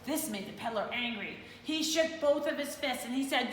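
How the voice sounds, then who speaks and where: A woman reading a picture book aloud to children, animated and talking to them between pages. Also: mid-range voice, a little fast, hardly any pauses. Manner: animated, talks to kids and plays with puppets. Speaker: children's storyteller. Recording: echoey hall with faint noise.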